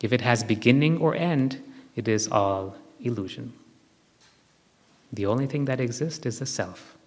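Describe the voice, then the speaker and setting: Speaking at a measured pace in an ordinary mid-range voice, a man offers spiritual instruction to a live group. The long reverb of a large hall surrounds his gentle teaching, in which he repeats key phrases.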